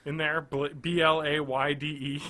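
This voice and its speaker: Bright-voiced chatty podcast man. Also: on the high side, level tone, moderate pace, slight background noise. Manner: chatty, jokey, teasing. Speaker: podcast co-host. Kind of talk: casual chat.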